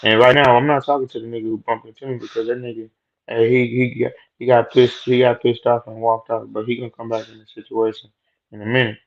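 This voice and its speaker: A young vlogger tells a rambling, profane story about a run-in at work, in a loose, slangy, casual monologue. His medium-pitched voice is fast with flat delivery, and the audio is dull and lo-fi.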